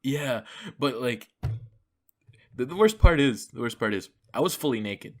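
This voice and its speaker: A man's voice: mid-range voice, lively intonation, a little slow. A young man hosting a casual podcast, telling a rambling, profane story full of fillers and restarts. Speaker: podcast host. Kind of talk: casual chat.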